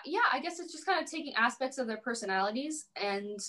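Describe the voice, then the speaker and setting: A woman's voice: a little high, expressive, fast talker, pushed and bright. A young adult woman guest on a podcast, chatting casually about cosplay, peppering her talk with "like" and laughing often. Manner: chatty, heavy use of "like", frequent laughs. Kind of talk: casual interview chat.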